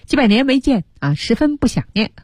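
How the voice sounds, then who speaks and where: A woman hosting a radio English lesson in a studio, explaining phrases with lively, drawn-out emphasis. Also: high-pitched, dry recording. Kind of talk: bilingual teaching commentary.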